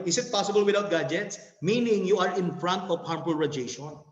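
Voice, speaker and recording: Filipino man, sales presenter, nervous laughs and restarts; dull, reverberant video-call sound. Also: high voice.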